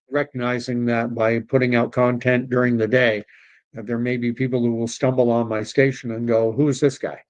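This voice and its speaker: A man's voice: medium pitch, darkish tone. A Canadian man hosting a political livestream, chatting casually and rambling as he reacts to messages from viewers. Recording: dull lo-fi stream audio.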